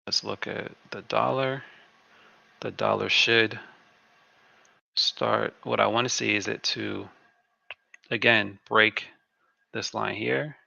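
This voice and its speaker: A man's voice: lowish voice, steady tone, takes it slowly, gravelly, long pauses, sharp tone, no echo. A man hosting a live trading stream, giving laid-back market commentary and repeating phrases to himself on a dull, lo-fi recording.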